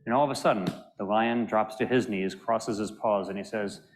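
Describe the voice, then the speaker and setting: A man filling time at a panel by telling jokes, playful, dropping low and quiet to build up each punchline. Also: fairly even intonation, moderate pace, slight background noise. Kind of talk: stand-up joke telling at a panel.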